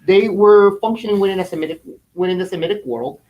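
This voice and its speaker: A man's voice: high-pitched, fast talker, muffled recording. A man hosting a casual podcast, rambling off into long historical tangents. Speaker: podcast host.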